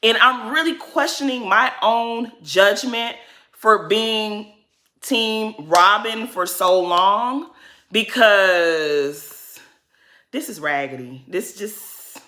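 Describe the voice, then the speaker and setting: A woman's voice: mid-range voice, slow pace, bright, forceful tone, a little hiss or hum. A woman giving a casual, blunt and sassy recap of a reality show, with plenty of cursing.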